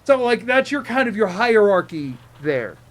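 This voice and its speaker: A man's voice: sits high, sing-song, normal speed. Playful rambling male streamer. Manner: playful, rambling, repetitive wordplay. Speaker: game streamer. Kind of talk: casual live-stream chat.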